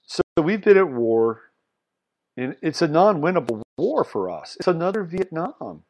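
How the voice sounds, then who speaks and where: A man hosting a solo commentary podcast, talking bluntly and swinging between loud emphasis and muttered asides. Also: fairly high pitch, sing-song, normal speed. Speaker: podcast host.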